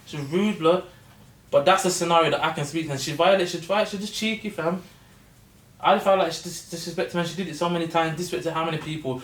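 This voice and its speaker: A man's voice: a little high, fast, a bit bright. A man, telling a story in casual podcast chat full of slang. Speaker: podcast co-host. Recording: echoey room, far from mic.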